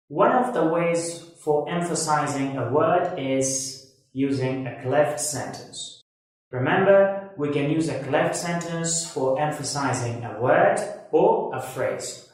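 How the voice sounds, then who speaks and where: A man teaching an English grammar lesson, explaining points carefully and reading example sentences slowly. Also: a little high, far from the mic. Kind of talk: slow classroom-style grammar lesson. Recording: very echoey room, voice away from the mic.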